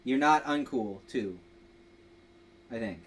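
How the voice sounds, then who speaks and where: A man's voice: mid-range voice, expressive, slow pace. A young man hosting a casual livestream, rambling and joking while drinking, reading a fanfic aloud mockingly. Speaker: livestream host.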